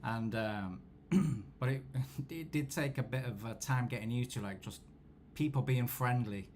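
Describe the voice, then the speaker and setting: A man, host of a football watchalong, telling rambling, self-deprecating stories in a low-key casual chat. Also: unhurried, a little mellow, a little hiss or hum. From England.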